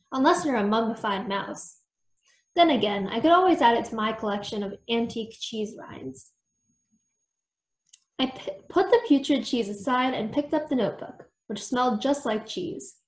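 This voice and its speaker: A woman reading a children's storybook aloud in an expressive storytelling manner. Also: a little high, normal speed. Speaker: storytime reader. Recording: echoey room.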